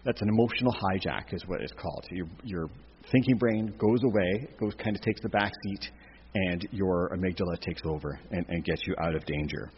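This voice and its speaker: A man's voice: sits low, brisk, slight background noise. Man, church class teacher, casual joking delivery, muffled lo-fi recording. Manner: chatty, jokey, many restarts. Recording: echoey hall, dull lo-fi sound.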